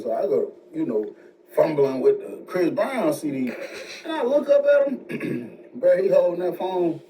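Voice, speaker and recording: A man telling a story in a casual way, jumping high in pitch when he quotes other people. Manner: animated retelling, jumps high when quoting others. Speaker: storyteller in played video. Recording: distant mic with faint noise.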